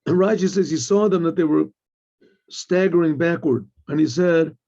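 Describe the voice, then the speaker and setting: Male Torah teacher with a slightly high, gravelly voice and an animated storytelling manner. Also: normal speed. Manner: clears throat often, animated storytelling with restarts. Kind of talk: informal Torah lesson, retelling with quotes. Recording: dull lo-fi recording.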